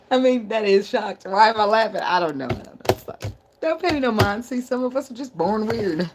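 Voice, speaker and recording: A woman's voice: a little high, animated, normal speed, very noisy. A woman giving a casual tarot reading, blunt and profane, who laughs a lot and riffs in playful asides. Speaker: tarot reader.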